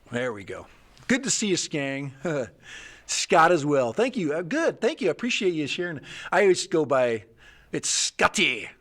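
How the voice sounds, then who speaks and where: A man's voice: on the high side, big pitch swings, normal speed, a bit bright. A middle-aged man hosting a live stream, chatting casually and rambling, often restarting his sentences and laughing.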